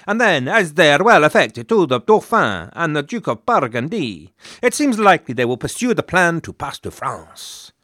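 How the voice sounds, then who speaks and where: A stately, self-important ambassador reads his letter aloud in a broad Italian accent, voiced by a man. His phrasing is formal, with lively swings of pitch. The recording is dry and close. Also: moderate pace, no room sound. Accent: put-on Italian accent. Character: pompous male Italian ambassador writing dispatches.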